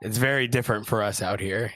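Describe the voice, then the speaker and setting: A man from the Houston area doing casual live commentary on a card game tournament, excitable and quick to laugh. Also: fairly low pitch, no room sound. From Houston area, USA. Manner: excitable, breaks into shouts and laughter.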